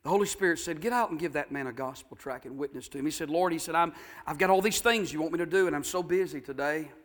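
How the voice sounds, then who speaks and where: A preacher man with a high, bright voice tells a story from the pulpit in a folksy, homespun way. He swings from hushed asides to fervent, ringing exhortation. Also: fast talker. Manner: folksy, builds to shouting fervor. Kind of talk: sermon storytelling.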